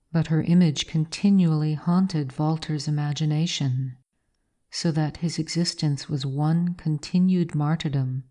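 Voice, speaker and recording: A woman narrating a gothic tale in slow, measured storytelling. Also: low voice, dark tone. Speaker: reader.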